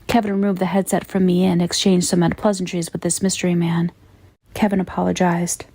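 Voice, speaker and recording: A woman narrating a horror story in a measured, grave tone. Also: on the low side, level tone, mellow, no echo.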